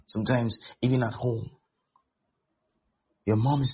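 Husky, gravelly-voiced man preaching. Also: lowish voice, lively intonation, a little slow. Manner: acts out quoted voices, shifting loudness. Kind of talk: sermon. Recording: dull lo-fi recording.

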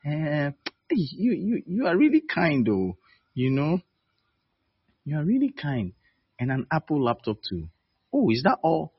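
A man's voice: fairly high pitch, huge pitch swings, a little slow, long pauses, breathy edge, dry recording, dull audio, pitched above the performer's own voice, exaggerated voice. A man voicing a coy young woman in a sermon skit, hesitant and stammering as she fishes for expensive gifts. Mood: sweet-talking. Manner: hesitant, stammering, fishing for favors.

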